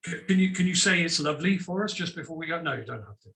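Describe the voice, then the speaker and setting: A man hosting an online business panel on a video call, chatty, with quick asides and repeated words. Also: a little high, expressive, fairly bright tone, slight background noise. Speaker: webinar host.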